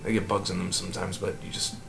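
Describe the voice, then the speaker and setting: Dude voicing a low-voiced farmer dad, halting and polite, music behind. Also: male voice, monotone, gravelly, rough recording. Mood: hospitable. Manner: hesitant, polite, many ums. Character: humble middle-aged male farmer and father.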